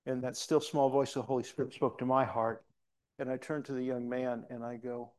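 A man's voice: mid-range voice, level tone, normal speed, pauses often, darkish tone. A male pastor preaching a sermon in a church, telling a story earnestly with frequent restarts.

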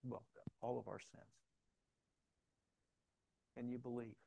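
A middle-aged man preaching a conversational sermon as pastor, swinging between loud storytelling and hushed asides, with frequent restarts. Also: medium pitch, little pitch movement, unhurried, gravelly, pauses often.

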